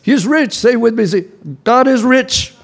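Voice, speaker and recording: A male pastor preaching a sermon in a church, calling the congregation to repeat after him and building to shouts. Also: extremely high pitch, a little slow. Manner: call-and-response preaching, rising to shouts. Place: church sanctuary.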